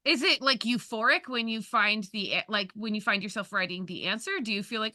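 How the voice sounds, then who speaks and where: A woman's voice: medium pitch, brisk, sharp tone, dry recording, studio quality. A woman co-hosting a podcast, who is giggly and enthusiastic and laughs often while asking questions. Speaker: podcast host. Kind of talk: casual podcast interview.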